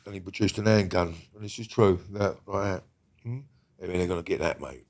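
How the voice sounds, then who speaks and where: Interview guest: man, lowish voice, blunt and rambling storyteller who swears freely. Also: brisk, a little mellow. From Britain. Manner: blunt, rambling, heavy swearing, checks in with the listener. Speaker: guest recounting a criminal past. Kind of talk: casual storytelling conversation.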